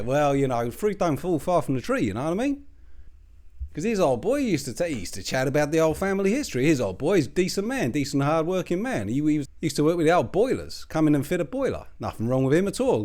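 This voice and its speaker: A middle-aged Australian bloke, as a man puts him on rambles through crude, gossipy banter in a comic monologue. His Australian accent swoops up and down with lively pitch, sitting a little high for a man, full of swearing and mocking asides. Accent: Australian (put on). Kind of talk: comedic character monologue.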